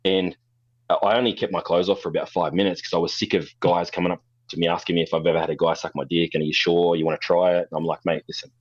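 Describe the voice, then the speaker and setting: A deep-voiced Australian man tells his stories at a fast clip, blunt and animated, with curse words thrown in freely. The recording is dry and slightly dull, with no room sound around him. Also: no echo. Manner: blunt, swearing, animated storyteller. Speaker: photographer guest. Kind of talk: casual storytelling interview.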